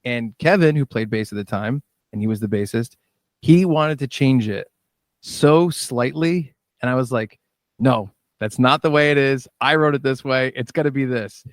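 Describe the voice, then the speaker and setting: Guy musician telling a story, does everyone's lines, middle pitch, dry sound. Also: normal speed, no echo. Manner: animated storyteller, acts out quoted dialogue. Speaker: musician and director, guest. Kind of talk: casual storytelling interview.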